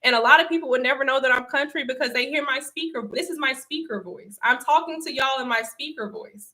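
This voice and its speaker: Fast-talking and high-pitched with a sharp edge, a young adult woman from the American South runs a casual livestream. She addresses her viewers with emphatic repetition and lots of laughter.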